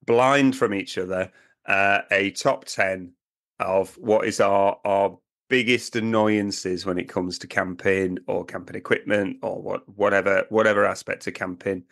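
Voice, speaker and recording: Chatty British man, lowish voice. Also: steady tone, unhurried, gravelly, a bit bright. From Britain. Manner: chatty, joking, puts on silly accents. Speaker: podcast co-host. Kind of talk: casual chat.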